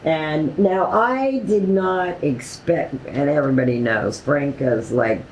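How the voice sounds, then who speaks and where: A woman casually telling a personal story, quoting others with animated voices and laughing often, with many "like" fillers. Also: sits low, slow pace, reverberant, a little hiss or hum, poor audio. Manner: animated retelling with quoted dialogue and laughter; frequent "like" fillers.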